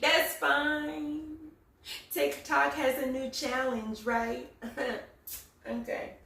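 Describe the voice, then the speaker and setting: Woman, sarcastic cussing rant, bright edgy tone, echoey room. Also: sits high, steady tone, slow, gravelly, distant mic. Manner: profane, sarcastic, repeats lines for emphasis. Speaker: political commentary vlogger. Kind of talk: casual ranting commentary. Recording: echoey room, voice somewhat off mic.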